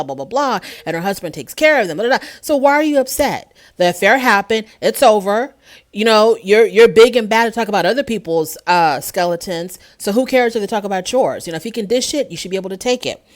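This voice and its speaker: A woman giving a casual, opinionated recap of a reality show episode, chatting freely and acting out what the cast members said. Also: medium pitch.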